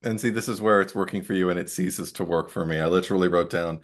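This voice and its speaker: A man's voice: deep voice, fairly even intonation. A man co-hosting a casual movie podcast, easygoing, laughing easily and reading out his notes. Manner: easygoing, quick laughs and short agreements. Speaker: podcast co-host.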